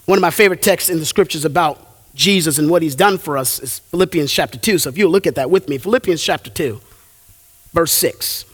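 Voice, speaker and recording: A male pastor preaching a sermon, with animated delivery and drawn-out emphatic phrases. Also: on the high side, breathy edge, in a large hall.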